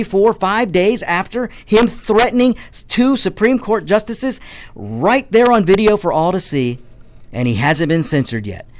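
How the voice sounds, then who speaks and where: A man's voice: on the high side, no room sound. A man hosting a talk radio show, ranting passionately with frequent restarts and stammers. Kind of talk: political talk radio monologue.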